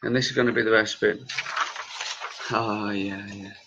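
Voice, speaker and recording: Passionate man with a forceful voice. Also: on the low side, little pitch movement, moderate pace, creaky, dull audio, slight background noise. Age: late 30s. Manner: passionate, heated, talks straight to viewers. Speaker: cannabis campaigner and group leader. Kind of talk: vlog commentary reacting to news.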